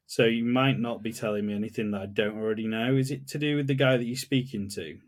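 A man's voice: mid-range voice, fairly even intonation, fast talker. A man co-hosting a casual gaming podcast, talking in an easygoing, self-deprecating way. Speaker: podcast co-host.

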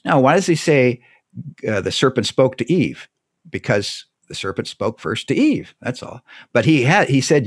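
Brief: man, expressive pitch, emphatic storyteller, dry close sound. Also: breathy edge, no room sound. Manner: lively, emphatic, with frequent restarts. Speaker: guest speaker on theology. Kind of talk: animated conversational storytelling.

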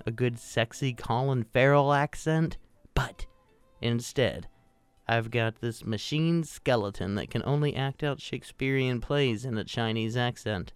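A man, the podcast's host, reading a deliberate, scripted promo. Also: medium pitch, smooth, no room sound, faint music behind.

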